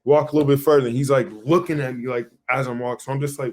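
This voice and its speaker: A young man co-hosting a podcast, telling a story in casual chat, animated and swearing freely as he acts out what he said back then. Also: mid-range voice, rapid-fire, a little hiss or hum. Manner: animated, swears a lot, acts out his own past lines. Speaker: podcast co-host.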